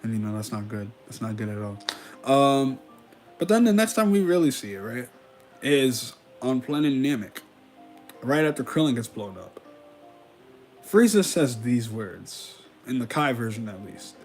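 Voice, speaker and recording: A man's voice: medium pitch, lively intonation, moderate pace, a little mellow, soft background music. A man giving casual commentary on an anime, retelling scenes in slangy paraphrased quotes. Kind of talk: casual commentary with recapped dialogue.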